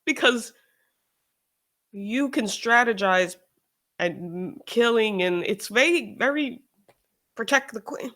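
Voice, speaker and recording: A host talking casually on a livestream, animated and sarcastic, often restarting sentences and trailing off. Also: mid-range voice, slow pace, pauses often. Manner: animated, sarcastic, shifts into mocking quoted voices.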